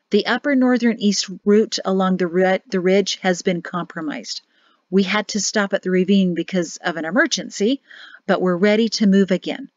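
A woman voicing a stern, sharp-tongued rector's wife who talks in a brisk, scolding way. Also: mid-range voice, no echo, lo-fi sound, lightly acted.

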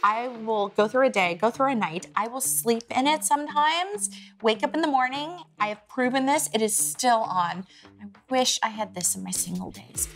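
A woman's voice: on the high side, moderate pace, vocal fry, faint music behind. Bubbly chatty woman vlogger. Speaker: vlog host. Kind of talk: casual lifestyle vlog.

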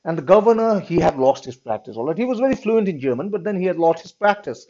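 A man's voice: sits high, big pitch swings, fast talker, darkish tone. A man teaching a class, reading a story aloud and explaining it, often checking in with "all right". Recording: dull lo-fi recording.

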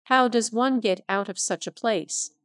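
A woman's voice: fairly high pitch, measured pace, fairly bright tone, no echo, clean studio sound. A woman reading as a proud, fretful young lady. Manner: cool, formal and fretful. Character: proud, impatient young lady stranded on a ledge.

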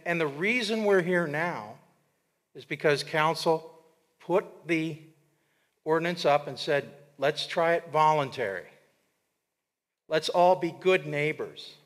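A man delivers a pointed, impassioned public comment at a council meeting, stumbling into restarts as he presses on. His voice sits fairly high for a man and echoes through the long reverb of the council chamber. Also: a bit bright.

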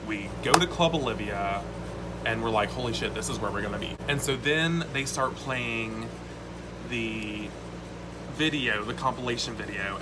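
A man telling a story to camera in casual vlog style, excited and swearing often, with lots of "like". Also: medium pitch, noisy background. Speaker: vlogger.

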